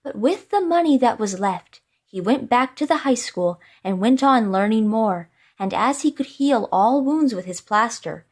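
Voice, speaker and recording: A woman reading a classic fairy tale aloud as narrator, clearly and expressively. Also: a little high, lively intonation, unhurried, hardly any pauses, a little mellow. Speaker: storyteller. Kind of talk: storybook reading.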